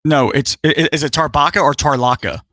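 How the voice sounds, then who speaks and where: A man co-hosting a casual show-review stream, energetic, joking and profane. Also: fairly high pitch, a little fast, no room sound. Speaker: podcast co-host.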